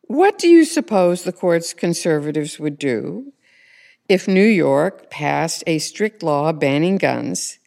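A woman's voice: low voice, very animated, slow, creaky, darkish tone, in a large hall. A woman correspondent interviewing a guest, building long, pointed questions step by step. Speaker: legal affairs correspondent, interviewer.

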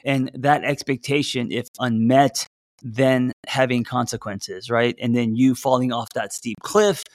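A middle-aged podcast host leads a casual relationship-advice talk, loose and conversational, with plenty of fillers, restarts and self-deprecating asides. He reads out audience replies in a medium-pitched, fairly even, unhurried voice. There's no room sound.

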